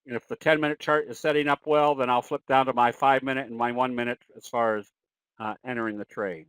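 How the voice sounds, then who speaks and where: A man's voice: mid-range voice, steady tone, quick pace, fairly bright tone, clean tone, dry recording, rough recording. A man presenting a trading webinar and answering questions, in a folksy, conversational way with fillers and self-corrections.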